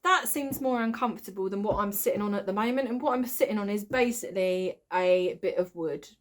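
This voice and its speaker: A woman's voice: mid-range voice, a little fast. A woman hosting a reaction video, mocking a film with sarcastic, exasperated commentary and frequent swearing.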